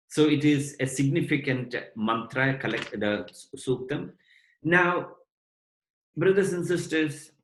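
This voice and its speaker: A man giving a devotional lecture on scripture to his students, explaining point by point in a measured way. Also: fairly high pitch. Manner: measured, explanatory, addresses listeners as brothers and sisters. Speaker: spiritual lecturer. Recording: roomy echo.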